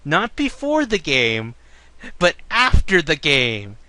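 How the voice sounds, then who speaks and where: A man's voice: a little high, slow, dry recording. A man hosting a casual sports talk show, ranting about fans with plenty of swearing. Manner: ranting, profane, animated. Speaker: podcast host.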